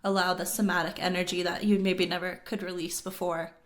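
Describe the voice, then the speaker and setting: A woman's voice: fairly low pitch, level tone, fairly quick. A woman co-hosting a podcast in casual chat, earnest and full of "like" fillers. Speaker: podcast co-host.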